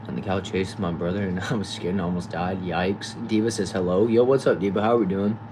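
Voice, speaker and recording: A man with a Texan accent reading viewer comments aloud quickly on a casual livestream from a back shed, answering each with a short reply. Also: low voice, steady tone. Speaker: livestream host reading chat. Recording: noisy background hum.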